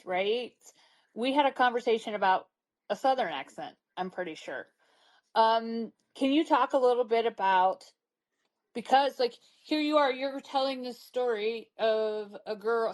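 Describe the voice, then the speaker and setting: A woman hosting a podcast, asking questions in a loose, casual way with fillers. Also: fairly high pitch. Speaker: podcast host. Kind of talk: conversational interview.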